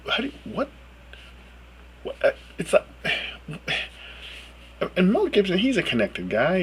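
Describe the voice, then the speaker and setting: A man ranting alone to camera as a video blogger, emphatic and swearing freely, his voice jumping up high when he gets exasperated. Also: fairly bright tone, slight background noise, poor audio. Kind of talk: profane ranting monologue.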